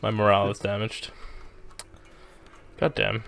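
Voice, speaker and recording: A man's voice: mid-range voice, moderate pace, gravelly, fairly bright tone. A man playing a game and reading his dialogue choices aloud in a hesitant, joking way. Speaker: game streamer. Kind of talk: let's play commentary and reading dialogue.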